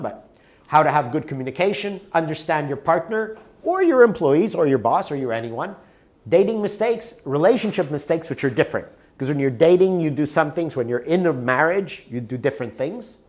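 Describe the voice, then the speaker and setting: A man's voice: fairly high pitch, a little mellow. A man presenting a workshop in a room, talking conversationally and checking in with his listeners. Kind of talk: live workshop talk with an anecdote.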